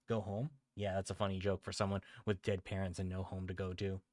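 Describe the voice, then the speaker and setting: A man's voice: low voice, little pitch movement, a little fast, a little mellow, no room sound, lightly acted. Brief: man putting on a sneering bully boy, mocking and cruel. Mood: taunting. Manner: taunting, mocking.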